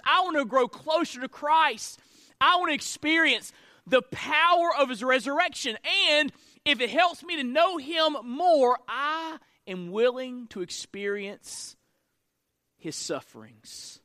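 A man preaching a sermon as pastor, animated, swinging between loud and soft delivery and asking the congregation questions. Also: very high-pitched, dry recording, clean studio sound.

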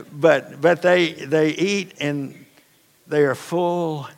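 A man's voice: fairly high pitch, fairly even intonation, drawn-out words, vocal fry. A man preaching a sermon as pastor, telling stories in a conversational, folksy way with casual asides. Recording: long reverb of a large hall.

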